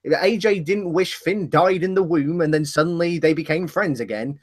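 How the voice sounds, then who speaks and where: Man, podcast co-host, rambling, self-correcting, slightly high voice. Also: normal speed. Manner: rambling, corrects himself mid-sentence. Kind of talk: casual wrestling podcast chat.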